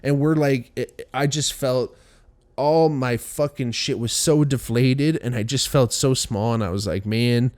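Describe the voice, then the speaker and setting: Young man, podcast host, casual storytelling, swears a lot, middle pitch. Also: unhurried. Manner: profane, animated storytelling with voiced quotes.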